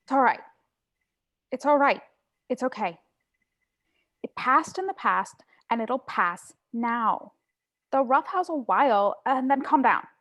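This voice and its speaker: Woman doing a worried mom in her forties, soothing, high lively voice. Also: takes it slowly, pauses often, heavily acted. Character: anxious mother, a teacher, in her forties. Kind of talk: staged play reading.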